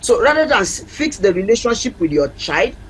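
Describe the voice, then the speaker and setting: Nigerian male counselor, TV talk-show guest; high, slightly husky voice; emphatic, teacherly, repeats key lines. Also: big pitch swings, a little fast, rough recording.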